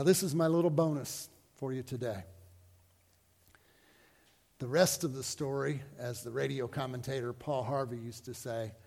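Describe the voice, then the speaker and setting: High-voiced preacher in a reverberant hall. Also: male voice, a little mellow. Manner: conversational, folksy preaching with rhetorical questions. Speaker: pastor. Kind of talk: sermon.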